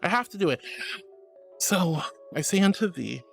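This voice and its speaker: A woman's voice: on the low side, expressive, moderate pace, creaky, faint music behind. A woman streaming live, chatting playfully and theatrically with her chat and reading their messages aloud.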